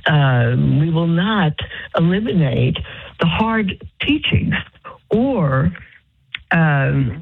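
A nun who is unwell and short of breath makes a halting, pleading fundraising appeal over the phone from her bed. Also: deep voice, vocal fry, slightly rough. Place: lying in bed in her convent cell. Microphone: phone line. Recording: tinny phone line.

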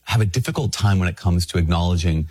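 A Catholic priest speaks to his audience in a relaxed, self-deprecating way, often restarting his sentences. His voice sits very low and sounds a little husky. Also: quick pace. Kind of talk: reflective talk to camera.

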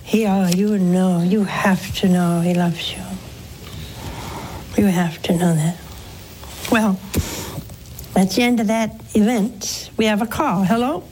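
An older woman hosting a religious call-in show, counseling a caller in a gentle, pleading, preacherly way. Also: medium pitch, fairly even intonation, slow pace, long pauses, a little hiss or hum. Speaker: religious TV host taking calls.

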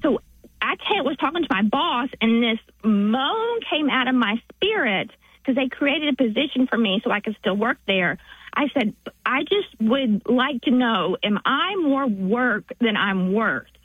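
A woman with a Southern US accent calls in to a radio show and talks in halting bursts, often restarting. Her voice sits fairly high and sounds breathy. It comes over a tinny, dry phone line. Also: lively intonation, no room sound. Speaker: caller. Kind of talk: call-in phone conversation.

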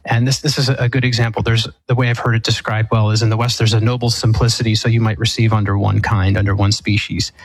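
A man's voice: fairly low pitch, level tone, fast talker, few pauses, slightly rough, no echo, low-quality recording. A man who is an Eastern Catholic priest, explaining church teaching on a call-in show with many restarts and fillers. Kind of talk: answering a caller's question.

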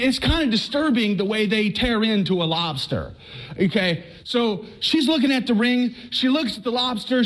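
A man from Texas giving a humorous personal testimony to a live audience, telling his story in a lively way and stammering and repeating words for effect. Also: very high-pitched, low-quality recording. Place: speaking before an audience.

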